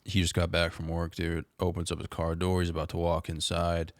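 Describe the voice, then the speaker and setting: A young man with a very deep, low voice tells a story in relaxed, casual chat. He peppers every sentence with "dude" and "like." The sound is dry and close, with no room echo. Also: a little fast. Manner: laid-back, says "dude" and "like" constantly. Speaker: podcast guest.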